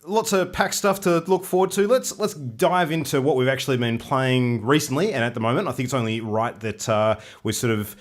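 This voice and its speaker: A man hosts a casual podcast in a medium-pitched voice. He is easygoing and drops dry jokes as he steers the talk. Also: fairly quick, hardly any pauses. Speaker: podcast host.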